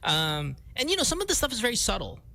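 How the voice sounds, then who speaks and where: A man's voice: high-pitched, huge pitch swings, fast talker, vocal fry, pushed and bright. A man hosting a morning radio show, teasing his co-host and laughing often. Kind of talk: casual morning radio banter.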